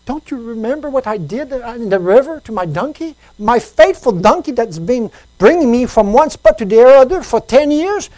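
A woman's voice: on the high side, expressive, moderate pace, few pauses, warm tone, no echo, voice pushed up, close to an everyday voice. A woman voicing a distraught grown man in a story, pleading urgently about the donkey he struck. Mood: distressed pleading.

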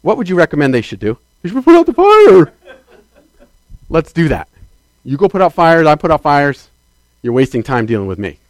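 This pastor's sermon comes in a fairly high, expressive voice at a brisk pace, recorded dry. He preaches emphatically, veering from loud statements to quiet asides and calling out to the congregation for agreement.

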